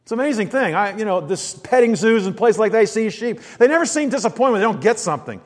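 A man preaching a conversational sermon, asking rhetorical questions and dropping quiet before lifting his voice again. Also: high voice, animated, fast talker. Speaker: pastor. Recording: long hall reverb.

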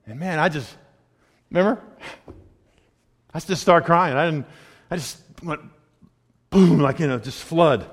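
A man giving a sermon, telling his own testimony, dropping to a hush and then rising loud. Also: on the high side, expressive, slow, long pauses, husky. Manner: storytelling, swings between hushed and loud. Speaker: preacher. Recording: long hall reverb.

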